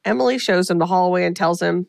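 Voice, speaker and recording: A woman's voice: lowish voice, fast talker, creaky, darkish tone, no echo, studio quality. A woman co-hosting a podcast, recapping a film in a rambling, casual way with lots of fillers. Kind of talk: casual chat.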